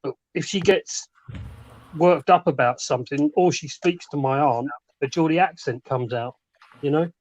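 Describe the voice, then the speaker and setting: A man's voice: on the high side, moderate pace, a little mellow, no room sound. A man in casual chat who rambles and corrects himself while telling a story, heard over a video call. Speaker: regular of a modelling chat. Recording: dry, dull lo-fi sound.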